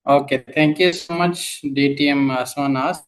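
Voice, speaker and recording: A man with a slightly high voice begins a language evaluator's report at an online club meeting. He speaks politely and deferentially to the group. His voice comes through a video call mic. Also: fairly even intonation, moderate pace.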